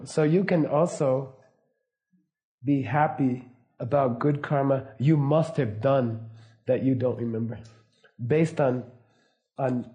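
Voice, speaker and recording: A middle-aged man giving a casual, anecdotal teaching talk, relaxed and laughing often. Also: medium pitch, lo-fi sound. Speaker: Buddhist teacher.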